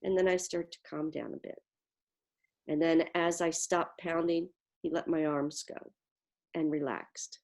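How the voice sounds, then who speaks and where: A woman's voice: low voice, level tone, measured pace, a little mellow. A woman giving an earnest, vivid personal account on a video call. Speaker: interviewee.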